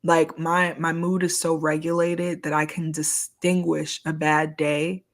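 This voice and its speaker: A woman's voice: sits low, measured pace. A young woman co-hosting a podcast, talking frankly and slangily in a casual, candid chat. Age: young adult. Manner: frank, slangy, animated storytelling. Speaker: podcast co-host.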